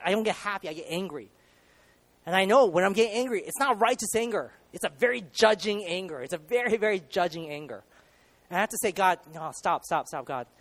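A man preaching a sermon, moving between loud emphatic lines and soft prayerful ones. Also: fairly high pitch, dry recording.

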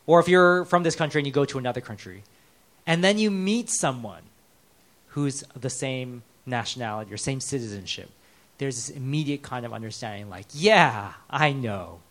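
Young American male pastor, mid-pitched, conversational sermon delivery with lively storytelling and quiet, earnest moments. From United States.

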